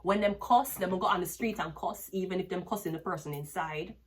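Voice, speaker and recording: A woman's voice: on the low side, brisk, husky. Rambling Jamaican woman tarot reader. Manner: rambling, with many restarts. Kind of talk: casual monologue to camera.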